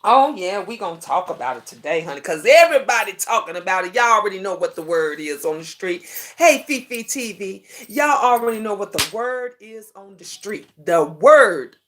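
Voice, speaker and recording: A woman's voice: medium pitch, fairly quick. A woman hosts a casual livestream chat. She talks in a sassy, preachy way, calling her viewers honey and boo. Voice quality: lively, sing-song greetings. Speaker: livestream talk show host.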